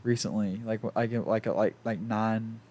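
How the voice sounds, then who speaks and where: A man's voice: on the low side, steady tone, normal speed, a little mellow, dry recording. A young man from South Carolina co-hosting a podcast, speaking hesitantly with many restarts in a casual chat. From South Carolina, USA. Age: young adult. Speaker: podcast co-host.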